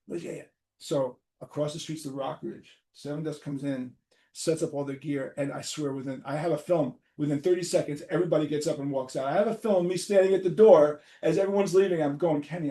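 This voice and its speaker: An older man from New York, the host, telling stories in a casual, animated way, swearing freely and acting out the people he quotes. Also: fairly high pitch. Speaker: podcast host. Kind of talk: casual storytelling. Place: apartment.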